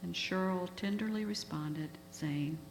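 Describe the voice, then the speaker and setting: A woman's voice: on the low side, measured pace. A woman giving a talk, earnestly retelling an emotional story to an audience. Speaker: guest speaker. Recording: echoey hall with faint hum.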